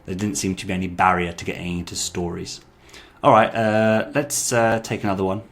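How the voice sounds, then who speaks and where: A man's voice: sits low, level tone, fairly quick, a bit bright, a little hiss or hum. A man giving casual review commentary as a language-learning YouTuber, chatty, repeating lines aloud with many fillers.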